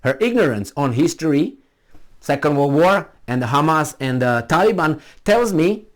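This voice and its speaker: Speaking at a normal speed with lively intonation, this man's voice sits on the high side. English isn't his first language, and his opinionated commentary is blunt and rambling, full of restarts and curses.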